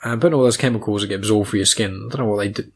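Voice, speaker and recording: A man's voice: on the low side, rapid-fire, breathy edge. A young man hosting a podcast, chatting casually with blunt opinions and a habit of swearing. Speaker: podcast host. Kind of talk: casual chat.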